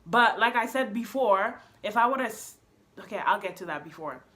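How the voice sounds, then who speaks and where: A young woman spins a casual storytime for her viewers, bouncing between narration and quick acted-out lines of dialogue. Her voice is bright and forward, and she tosses in slang as she goes. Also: medium pitch. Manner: animated, acts out quotes with slang. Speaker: storyteller vlogger.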